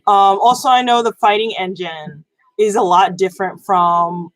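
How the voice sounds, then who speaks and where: A woman's voice: medium pitch, moderate pace, no room sound, rough recording. Chatty woman vlogger, lots of ums. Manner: rambling, many fillers and restarts. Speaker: gaming news vlogger. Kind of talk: casual chat.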